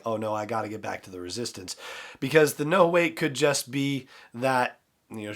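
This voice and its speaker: A male podcast host talking through a throat cold, giving a loose, chatty solo recap of an episode with fillers and asides. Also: medium pitch.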